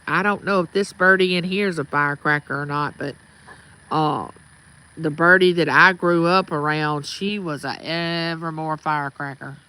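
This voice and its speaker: She has a low voice with a steady tone and moderate pace, sounding pushed and bright yet clear and resonant. The rough recording captures a middle-aged Mississippi woman with a Southern accent livestreaming casually outside her home and greeting viewers by name.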